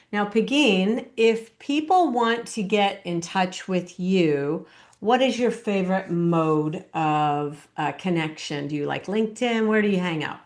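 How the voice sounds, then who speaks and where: A woman hosting a podcast interview, a coach who listens with many short agreements and shares her own stories. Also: on the low side. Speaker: podcast host and speaker coach.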